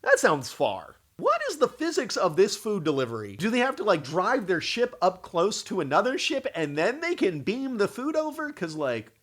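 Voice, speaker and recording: A young man giving sarcastic comedic commentary on a cheap animated movie. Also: high-pitched, moderate pace, hardly any pauses. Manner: sarcastic, mocking. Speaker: youtuber reviewing a movie.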